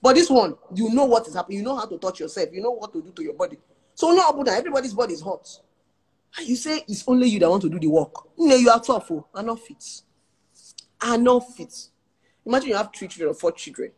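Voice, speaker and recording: A woman with a Nigerian accent speaks as a talk show guest, chatting candidly. Her voice is slightly husky and sits at a middling pitch for a woman. She tells personal stories with lively, laughing energy. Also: rapid-fire. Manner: animated, frank, laughs while telling stories. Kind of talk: casual chat and personal storytelling.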